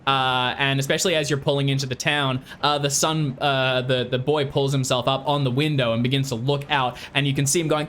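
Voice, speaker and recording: A man's voice: mid-range voice, little pitch movement, brisk, few pauses, a bit bright, a little hiss or hum. A man acting as game master, narrating a tabletop game in a casual, hesitant way.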